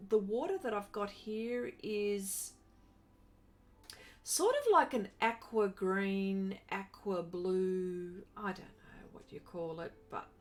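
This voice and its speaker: An Australian woman hosting an art live stream, chatting casually and greeting viewers by name as she works. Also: mid-range voice. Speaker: art livestream host. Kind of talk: casual live stream chat while drawing.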